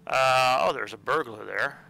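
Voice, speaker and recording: A man's voice: mid-range voice, normal speed, vocal fry, sharp tone. A man hosting a tabletop card game playthrough, reading card text aloud, counting dice rolls and speaking patiently to a child at the table. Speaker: host running the card game.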